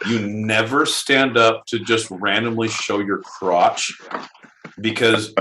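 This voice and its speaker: A man's voice: lowish voice, steady tone, takes it slowly. A man co-hosting a podcast, teasing and scolding his partner in casual comedic banter, swearing and trying silly accents. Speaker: podcast co-host. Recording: echoey room with faint noise.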